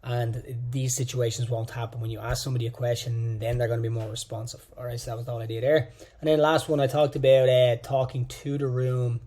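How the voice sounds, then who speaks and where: A man's voice: mid-range voice, flat delivery, quick pace, warm tone. Casual male coaching instructor. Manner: casual, direct, repeats phrases for emphasis. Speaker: fitness coach. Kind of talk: online coaching course lecture.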